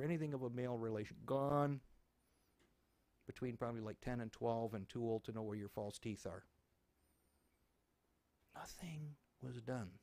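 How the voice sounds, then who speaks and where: Ranting man, gravelly voice. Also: medium pitch. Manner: animated, sarcastic, profane ranting. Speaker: talk show host. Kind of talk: ranting commentary.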